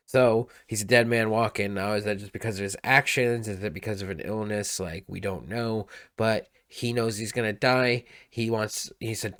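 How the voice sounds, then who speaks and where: A man's voice: lowish voice, fairly even intonation, moderate pace, few pauses, a bit bright, no echo, studio quality. A man casually reacting to a song as a streamer, rambling and laid-back, peppering his talk with "like" and "dude".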